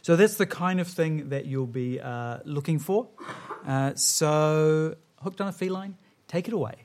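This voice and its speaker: A man hosting a comedy panel show, explaining rounds loosely with many fillers and halting restarts. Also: fairly high pitch, a little mellow, slight background noise. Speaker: quiz show host.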